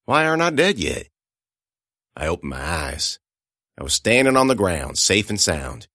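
Lively, bright man telling a scary story. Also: sits low, normal speed, no room sound, clean studio sound. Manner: expressive, shouting out the dialogue, hushed for quiet moments. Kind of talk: dramatic first-person fiction narration.

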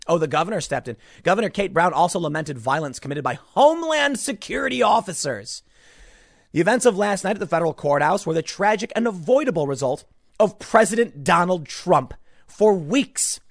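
A man giving opinionated news commentary, animated and sarcastic, sometimes mocking others in put-on voices. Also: sits high, normal speed, gravelly, no echo, clean studio sound. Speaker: political commentator.

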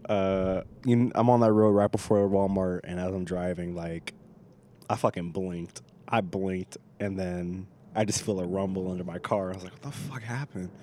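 A young man with a fairly low, warm, mellow voice hosts a casual chat. He tells stories in an animated way, swears freely and laughs often. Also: normal speed, a little hiss or hum. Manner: animated, profane, laughing storyteller. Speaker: podcast host.

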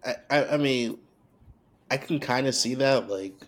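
A man's voice: mid-range voice, unhurried. A man co-hosting a podcast in casual chat, teasing and playful, often laughing. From not from the local area. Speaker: podcast co-host.

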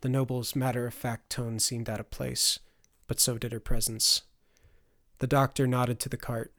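A man narrating a fantasy audiobook in a measured storytelling voice. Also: medium pitch, little pitch movement, fairly bright tone, dry recording, studio quality.

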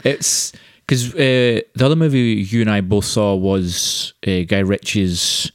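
A man's voice: fairly low pitch, unhurried, smooth, dry recording, clean studio sound. A man hosting a film podcast in casual chat, chatty and laughing often. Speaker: podcast host.

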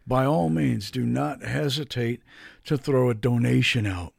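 Deadpan man with a gravelly voice. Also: medium pitch, a little slow, no echo. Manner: deadpan, dry jokes. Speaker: podcast co-host. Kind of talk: casual chat.

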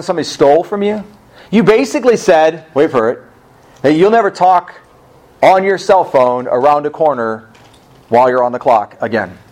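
A male pastor preaching a sermon at a church service, emphatic, with rhetorical questions and casual asides. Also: on the high side.

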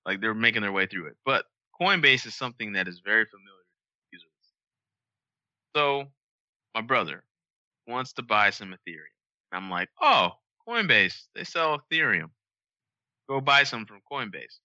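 A man hosting a podcast, ranting in a casual, animated and profane way. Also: mid-range voice, dry recording, muffled recording. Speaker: podcast host.

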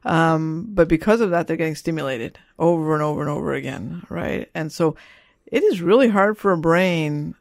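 A woman's voice: low-pitched, normal speed, darkish tone, no room sound, studio quality. A middle-aged woman, an author and parent, talking casually in an interview with a rambling manner that keeps checking in with "you know" and "right?".

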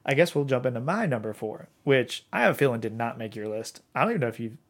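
A man's voice: medium pitch, expressive, fast talker. A man in his thirties co-hosting a podcast, chatting casually and rambling with lots of fillers and restarts. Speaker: podcast co-host.

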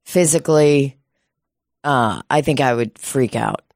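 A woman's voice: very deep voice, a little slow, vocal fry, a little mellow, dry recording, studio quality. A woman co-hosting a casual podcast, joking crudely and laughing a lot. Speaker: podcast co-host.

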